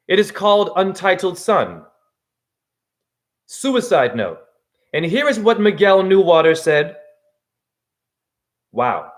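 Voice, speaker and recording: High, lively-voiced angry ranting man. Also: slow pace, long pauses. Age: 40s. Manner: angry, accusatory, emphatic ranting with profanity. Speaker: self-styled spiritual teacher. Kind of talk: ranting video monologue.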